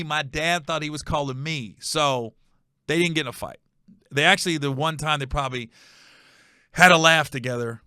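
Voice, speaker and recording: A middle-aged man hosting a podcast, telling a story casually and animatedly, acting out other people's voices with high shouts. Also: clear, resonant tone, dry recording, studio quality.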